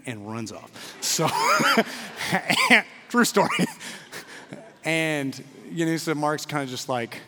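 Preacher telling a story in a reverberant church. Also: male voice, medium pitch, big pitch swings, slow pace, pauses often. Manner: storytelling with shifts from loud to quiet. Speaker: pastor. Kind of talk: sermon.

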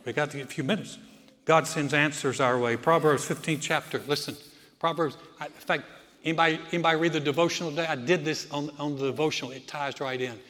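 A man's voice: fairly high pitch, fairly even intonation, fast. Man preaching in a reverberant hall. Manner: folksy preaching to a congregation, dropping to a hushed voice for stories. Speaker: pastor. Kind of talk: sermon.

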